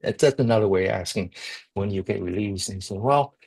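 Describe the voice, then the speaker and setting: A man, a Buddhist monk giving a dharma talk, telling a story in a halting way with frequent restarts. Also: low voice, level tone, vocal fry, a little mellow, breathy edge, no echo. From Vietnam. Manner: hesitant, many restarts, conversational storytelling.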